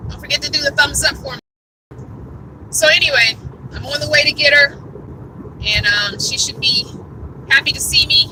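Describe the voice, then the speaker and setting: A woman with a Southern US accent, chatting with live viewers while she drives. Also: high-pitched. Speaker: vlogger. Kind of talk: live-stream vlog chat while driving. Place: inside a car on the road. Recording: car recording from a distance, background noise.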